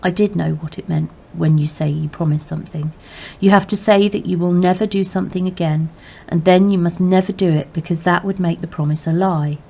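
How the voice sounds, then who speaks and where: A woman reading a novel aloud in plain, measured first-person narration. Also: fairly low pitch, steady tone, vocal fry, a little mellow, husky. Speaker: reader. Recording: dull lo-fi recording.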